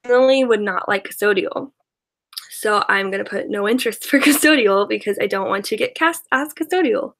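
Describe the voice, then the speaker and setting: A woman's voice: medium pitch, brisk, a bit bright. A young woman chatting casually with viewers on a live stream, rambling with lots of fillers and restarts and laughing often. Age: young adult. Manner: rambling, filler-heavy, giggly. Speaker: YouTuber answering live chat.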